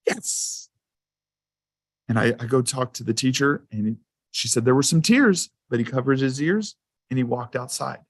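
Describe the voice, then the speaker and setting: A man of middle pitch gives a school safety presentation, mixing guidance with personal stories. He talks casually, with plenty of "um"s and small restarts. The sound is dry and close, with hardly any room in it. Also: moderate pace, dry recording. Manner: conversational storytelling with fillers. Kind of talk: anecdotal presentation to a council.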